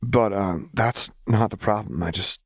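A man voicing Vi, a rough, halting young woman fighter. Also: lowish voice, no room sound, studio quality. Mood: hesitant. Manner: blunt, halting, swears often. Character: rough-edged young woman brawler, guarded and emotional.

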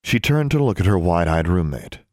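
A man narrating an audiobook in an expressive storytelling manner. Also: sits low, brisk, dry recording, clean studio sound.

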